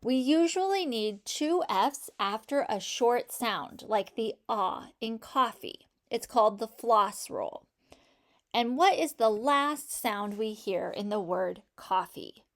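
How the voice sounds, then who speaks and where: Slow, patient woman teaching phonics. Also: a little high, expressive. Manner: slow, patient, encouraging, sounding out each sound. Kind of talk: phonics lesson for children.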